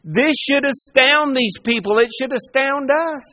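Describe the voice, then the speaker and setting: A man preaching a sermon, earnest, moving between soft hushed lines and emphatic ones. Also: very high voice, measured pace. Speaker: pastor.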